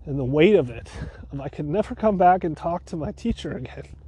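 Male podcaster, somewhat high and mellow voice, heartfelt storytelling with sighs. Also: expressive, brisk, slight background noise. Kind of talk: emotional personal storytelling.

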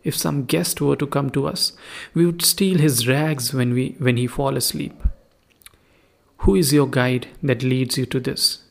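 A man's voice: a little high, vocal fry. A man voicing a poor, discontented wife who scolds her husband, in a reproachful, accusing way. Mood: complaining.

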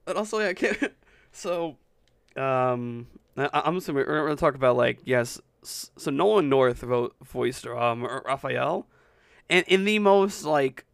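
A man's voice: mid-range voice, expressive, unhurried, gravelly, no echo, studio quality. A man in his twenties co-hosting a casual chat, tired, stammering and laughing often. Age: 20s. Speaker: podcast co-host.

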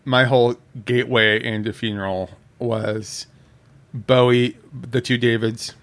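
A man's voice: medium pitch, little pitch movement, a little slow, fairly bright tone. A man co-hosting a casual podcast chat, inquisitive and enthusiastic. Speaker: podcast co-host.

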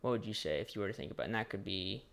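Rambling young man, low-voiced interviewer. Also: lively intonation, rapid-fire, creaky, a bit bright. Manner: rambling, searching for words, many "like"s. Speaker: student interviewer. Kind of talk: casual interview chat.

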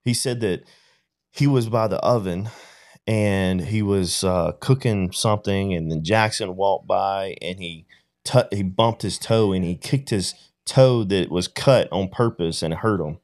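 Deep-voiced man telling a story. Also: unhurried, a little mellow. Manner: reflective storytelling, often checks in with "right?". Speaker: podcast guest or co-host. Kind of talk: casual podcast conversation.

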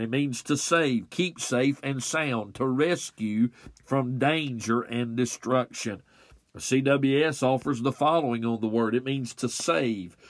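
Male preacher, mid-pitched, unhurried and emphatic, close dry sound. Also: dry recording. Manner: slow, deliberate delivery with emphatic pauses. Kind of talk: expository sermon.

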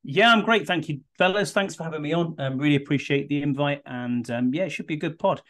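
A man guesting on a casual sports podcast, agreeable, with sentences trailing off softly. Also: a little high, fast talker. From Britain.

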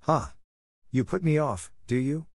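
A man's voice: on the high side, a little slow, no echo, studio quality, voice pushed up. A man voicing a huge, furious old doctor in a storybook reading, blustering and snarling.

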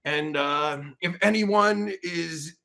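A man's voice: a little high, takes it slowly, sharp tone. A man hosting a livestream, talking in a crude, rambling rant with sudden mocking outbursts. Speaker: livestream host.

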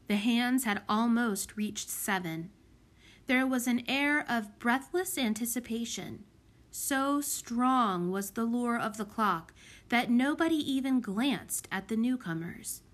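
A woman narrating a children's audiobook in an expressive, measured way. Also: on the high side. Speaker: audiobook reader.

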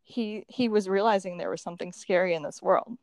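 A woman shares a personal story as a podcast guest, casual and expressive, slipping into other people's voices as she quotes them. Her voice sits in an ordinary middle pitch. The recording is dry and close, with no room sound. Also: fairly quick, no room sound. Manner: expressive, laughs often, acts out quoted dialogue.

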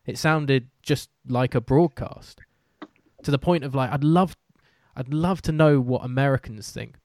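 Chatty British commentator, dry sound. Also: male voice, mid-range voice, measured pace, a little mellow, no room sound. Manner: chatty, self-deprecating, many fillers and restarts. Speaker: host and sports commentator. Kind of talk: casual podcast chat.

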